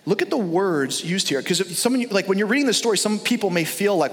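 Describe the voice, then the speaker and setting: Animated pastor preaching in an echoing hall. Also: male voice, high voice, brisk, hardly any pauses. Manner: animated storytelling, emphatic repetition. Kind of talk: sermon with scripture reading. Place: church sanctuary.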